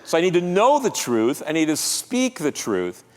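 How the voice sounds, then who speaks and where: Animated male pastor preaching in a hall. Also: on the high side, moderate pace. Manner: animated, conversational preaching with audience call-and-response. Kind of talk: sermon. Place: church sanctuary.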